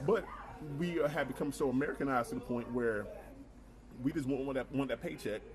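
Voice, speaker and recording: A man's voice: medium pitch, fairly quick. A man co-hosting a casual chat show, talking earnestly, asking rhetorical questions and repeating words while he works out his point. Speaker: podcast co-host.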